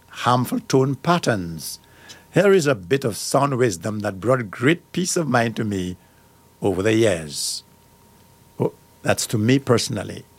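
A middle-aged man hosting a radio talk show. He reads out points and breaks off into firm personal asides. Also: mid-range voice.

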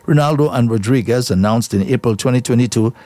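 A man reading scripted news bulletins in a steady, measured delivery. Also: medium pitch, no echo. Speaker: newsreader.

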